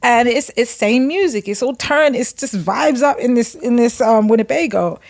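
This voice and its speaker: As a guest on a podcast, a woman tells a story casually and animatedly, acting out other people's voices and quotes with laughter. Her voice is fairly high, at a moderate pace.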